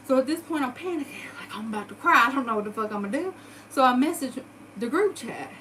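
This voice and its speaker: A woman in her thirties telling a personal story in a casual, animated and profane way. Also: high-pitched, fast talker, slight background noise, rough recording. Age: 30s. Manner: animated, profane, dramatic retelling. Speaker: storyteller vlogger.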